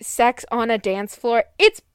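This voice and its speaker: A woman chatting casually as a podcast co-host, rambling and animated, with lots of fillers and laughter. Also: on the high side, unhurried, clear, resonant tone, no room sound, clean studio sound.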